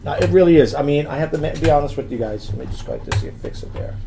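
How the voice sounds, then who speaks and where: In a very noisy recording, a man talks very fast in a fairly high voice while showing off an item for his online selling channel. As an eBay vlogger, he rambles chattily, keeps restarting sentences, addresses viewers as folks and guys, and occasionally turns from the mic while handling the product.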